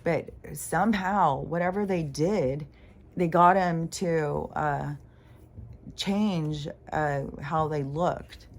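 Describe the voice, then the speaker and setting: Low-voiced woman rambling profanely. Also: vocal fry, a little hiss or hum. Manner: meandering, profane, full of fillers and restarts. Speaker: spiritual vlogger. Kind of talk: rambling casual monologue.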